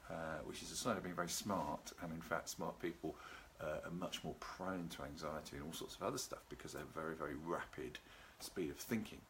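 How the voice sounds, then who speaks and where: The voice belongs to a very deep-voiced man hosting a live video talk on relaxation from his home with a garden at his back. Calm and never rushed, he greets his live viewers by name while faint background noise lingers.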